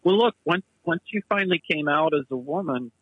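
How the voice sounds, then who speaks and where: A man's voice: on the high side, animated, a little fast, fairly bright tone, slightly rough, dry recording, rough recording. A man co-hosting a casual talk show, speaking in an analytical, discursive way. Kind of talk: casual chat.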